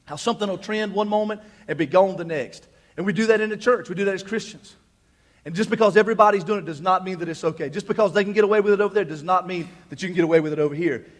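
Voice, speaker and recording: A middle-aged man preaching a sermon from a church pulpit, his voice sitting high for a man. He presses his points by repeating words and phrases. He drops to quiet asides, then rises to loud declarations. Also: quick pace. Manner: emphatic, repeats words when fired up. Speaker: pastor. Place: church sanctuary.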